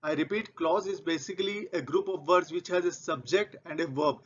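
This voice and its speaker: Man explaining grammar, fairly high, dull-sounding. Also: brisk, slightly rough. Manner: repetitive, methodical explaining with example sentences. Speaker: English grammar teacher. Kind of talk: explaining grammar over slides. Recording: dull lo-fi recording.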